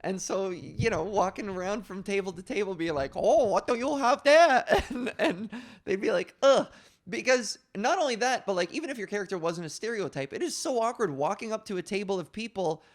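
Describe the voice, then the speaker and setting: Podcast host, comedian, casual storytelling, profane, rambling, quick put-on voices. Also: medium pitch.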